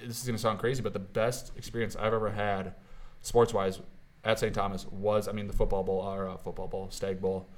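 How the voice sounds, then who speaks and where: Young man, sports videographer, casual interview, rambling, upbeat, slightly low voice. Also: level tone, a little fast. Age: young adult. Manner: rambling, upbeat, full of "I mean" and "you know".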